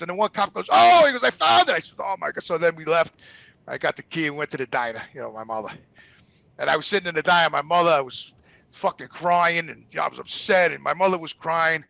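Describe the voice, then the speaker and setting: A man's voice: on the high side, gravelly, bright, forceful tone, no echo. A man telling a personal story as a guest, in blunt, profane, repetitive talk. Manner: blunt, profane, repeats himself.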